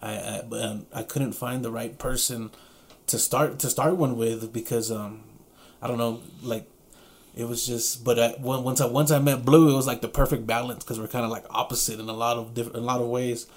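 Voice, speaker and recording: A man's voice: medium pitch, fairly even intonation, normal speed. Easygoing man, hesitant podcast co-host. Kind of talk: casual chat.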